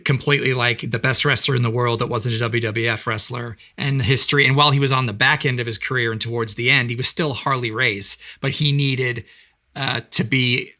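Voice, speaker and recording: Bright-voiced man, halting podcast talk. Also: medium pitch, steady tone. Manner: halting, repeats words while thinking. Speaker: podcast co-host. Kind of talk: casual podcast chat.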